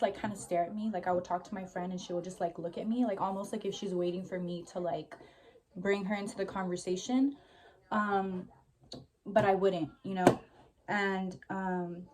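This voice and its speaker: A woman's voice: medium pitch, warm tone. A young woman vlogger telling a story in a rambling, casual way, full of "like" and swearing, a little out of breath. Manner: rambling, heavy use of "like", swears freely.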